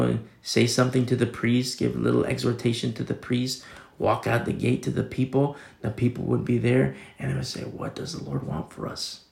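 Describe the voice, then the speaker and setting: A man's voice: mid-range voice, gravelly, darkish tone, reverberant. A man preaching a sermon in a casual, conversational way, reading scripture and explaining it with everyday fillers. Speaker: pastor.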